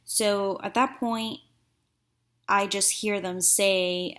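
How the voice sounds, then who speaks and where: A woman's voice: medium pitch, steady tone, unhurried, fairly bright tone. Woman vlogger, frank and chatty, casual storytelling, mid-range voice. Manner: chatty, frank, with many fillers. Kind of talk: candid personal vlog storytelling.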